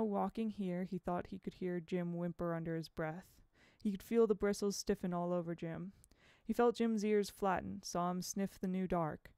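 A woman narrating an audiobook in a measured, expressive reading at a home microphone. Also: medium pitch, vocal fry, clear, resonant tone, no echo.

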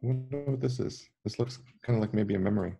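A man reading a graphic novel aloud to children as a guest reader, with relaxed, chatty asides. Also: medium pitch, fast talker, gravelly.

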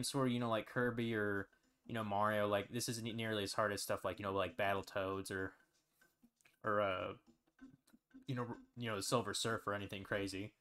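A man streaming live, chatting casually in a rambling, relaxed way with lots of fillers and the odd swear word. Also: fairly low pitch, moderate pace. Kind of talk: casual chat.

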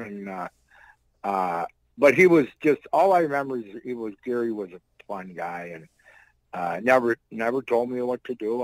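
A man's voice: medium pitch, no room sound, rough recording. A man in his sixties, a former wrestler, telling loose, rambling anecdotes in blunt, salty words. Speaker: guest, former pro wrestler. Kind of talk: casual storytelling.

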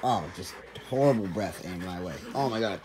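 A man's voice: sits low, expressive, normal speed. Young man teasing his big dogs. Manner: teasing, exasperated, calls dogs dude and weirdo. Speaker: dog owner vlogger. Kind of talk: casual talk to his dogs. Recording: dogs, clicks and noise behind.

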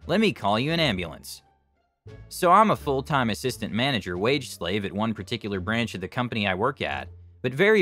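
A man narrating online stories in a scripted, expressive storytelling style. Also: mid-range voice.

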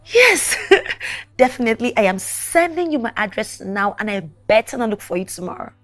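An actress playing a sick pregnant young wife, weak and breathy. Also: female voice, a little high, normal speed, soft background music. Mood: excited. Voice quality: lively on the phone, weak and whispery when ill.

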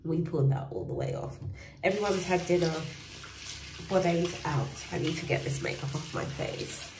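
A woman's voice: fairly low pitch, moderate pace, roomy sound, background noise. A woman, chatting casually and teasing playfully in a vlog. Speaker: vlogger.

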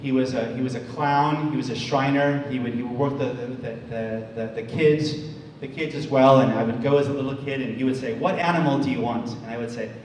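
Halting man speaking in an echoey hall. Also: mid-range voice. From United States. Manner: halting, repeats words, restarts often. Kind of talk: storytelling talk to an audience. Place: large hall. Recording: echoey hall, distant mic, faint noise.

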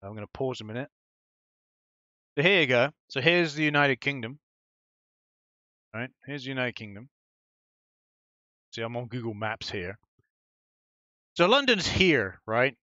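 A man's voice: mid-range voice, expressive, measured pace, pauses often, sharp tone, no room sound. A man rambling casually through a let's-play commentary, swearing now and then. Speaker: gaming YouTuber. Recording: dull lo-fi mic, faint music behind.

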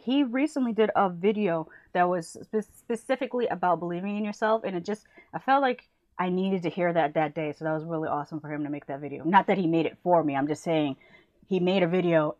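A woman from the United States, a movie reviewer, chatting casually and enthusiastically while giving shout-outs to other channels. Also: on the low side, dry recording, lo-fi sound.

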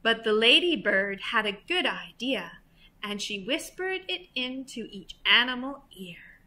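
A woman's voice: on the high side, sing-song, measured pace, pushed and bright. A woman reading a children's picture book aloud as a library storyteller, playful and acting out animal sounds.

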